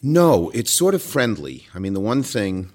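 A man's voice: on the low side, very animated, normal speed. An older man with a Brooklyn accent, telling stories directly and emphatically in an interview. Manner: direct, emphatic storytelling with quoted dialogue. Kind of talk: relaxed interview answers.

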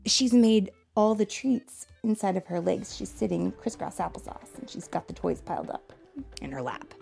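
A woman reads a children's story aloud at an unhurried pace, talking warmly and directly to her young listeners. Her pitch is animated and wide-ranging, and faint music plays underneath. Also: vocal fry.

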